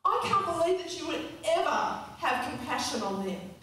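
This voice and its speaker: Woman playing a furious male prophet, pleading outbursts, higher voice, heavy echo. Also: very animated, normal speed, fairly bright tone. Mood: indignant. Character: angry, bitter male biblical prophet. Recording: echoey hall, distant mic.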